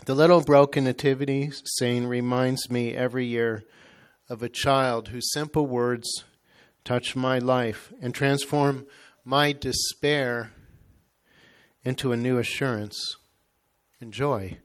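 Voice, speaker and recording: Male reader, mid-pitched voice, measured reverent reading of a devotional story. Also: steady tone.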